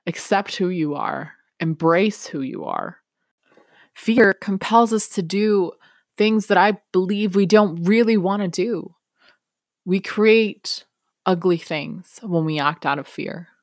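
A woman with a fairly low voice tells a personal story on her podcast, candid and reflective, with plenty of casual "like"s. The sound is close and dry, with no room around it. She steers the story toward gentle motivational encouragement. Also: slow, dry recording. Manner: candid, reflective, chatty with many "like"s. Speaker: podcast host.

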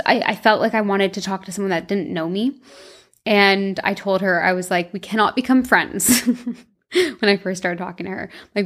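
Young woman, podcast host, casual solo chat, rambling, full of fillers, self-deprecating laughs. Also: medium pitch. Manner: chatty, rambling, lots of "like" fillers.

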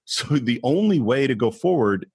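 A man co-hosting a casual film discussion podcast, animated and acting out the characters' lines. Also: mid-range voice, moderate pace, creaky, a little hiss or hum. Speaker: podcast co-host.

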